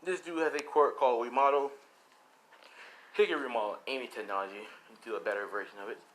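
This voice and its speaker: A man's voice: medium pitch, steady tone, quick pace, fairly bright tone, slight background noise, poor audio. Young man rambling through a fan story. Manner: rambling, repeats 'and he's like'. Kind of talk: improvised fan-fiction storytelling.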